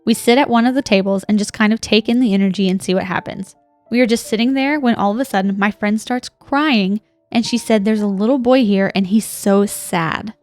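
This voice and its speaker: Young woman podcast host reading a spooky story out loud, kinda high voice, dramatic, faint music behind. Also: brisk, no echo. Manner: dramatic storytelling, reacts with gasps and laughs. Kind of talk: reading listener ghost stories aloud.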